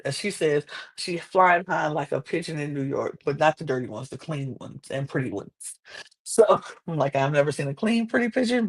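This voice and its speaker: A woman hosting a podcast, recapping a reality show in casual, animated chat. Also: sits low. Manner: chatty, animated, quotes people in exaggerated voices.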